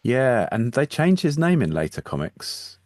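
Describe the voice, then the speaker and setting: A man's voice: mid-range voice, very animated, a little slow, a little mellow, no echo, clean studio sound. A man talking casually as a podcast guest, agreeable and dryly amused. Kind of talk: casual chat.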